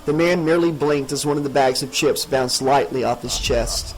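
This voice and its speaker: A man's voice: medium pitch, normal speed, rough recording. Man narrating a horror audiobook. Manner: steady, dramatic reading.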